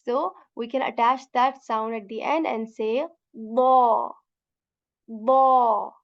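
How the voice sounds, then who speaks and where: A woman teaching a beginner Quran Arabic lesson, patiently saying each sound slowly and repeating it for students to copy, and calling her students sister. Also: fairly high pitch, gravelly, dull audio.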